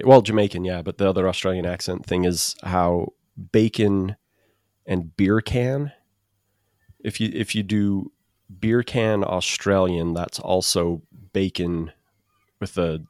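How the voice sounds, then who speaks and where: A man's voice: low-pitched, a little mellow, no echo, studio quality. A man co-hosting a podcast in casual chat, with many restarts and fillers. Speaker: podcast co-host.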